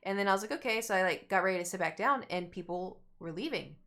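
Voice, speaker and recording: A woman's voice: medium pitch, fast. A young adult woman streamer casually telling a long story to her chat, rambling and acting out what people said. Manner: rambling, animated, acts out quotes.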